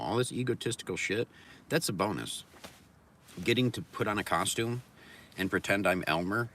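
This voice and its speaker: A man's voice: low-pitched, lively intonation, a little fast, bright, forceful tone, recorded from a distance, a little hiss or hum. A man talking in a casual livestream monologue, rambling, blunt and full of swearing, circling back to repeated mantras. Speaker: livestream host.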